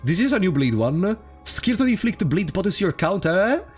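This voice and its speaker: A husky, high-pitched Italian man with big pitch swings streams a game at normal speed, commenting casually in his Italian accent. A native speaker from Italy, he's wry and sarcastic and laughs often over faint game music.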